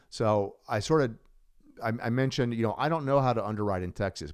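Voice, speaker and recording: A man presenting a live online course, talking casually and enthusiastically with many fillers and restarts. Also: medium pitch.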